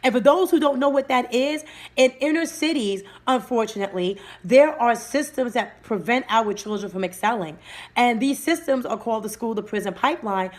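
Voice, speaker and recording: A woman's voice: fairly high pitch, normal speed. Upbeat woman giving a motivational livestream talk. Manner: energetic, greets viewers by name mid-talk. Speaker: livestream host and motivational speaker. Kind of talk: live-streamed motivational talk.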